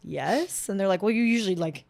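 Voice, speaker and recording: A woman hosting a podcast, chatting casually and telling stories with swearing and lively bursts. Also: on the low side, a little fast, no echo. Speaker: podcast host. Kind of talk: casual chat.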